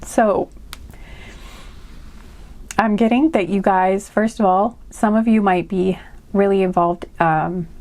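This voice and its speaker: A woman's voice: mid-range voice, steady tone, takes it slowly, long pauses, darkish tone. Chatty woman doing a card reading. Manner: chatty, lots of fillers like "um" and "like"; giggly, laughing fits. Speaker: tarot reader. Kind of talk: casual spoken card reading.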